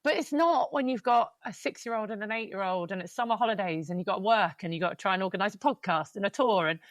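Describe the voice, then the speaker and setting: A woman, hosting a podcast and venting candidly in quick runs, swearing freely. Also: mid-range voice, no room sound. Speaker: podcast host. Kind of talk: casual podcast chat.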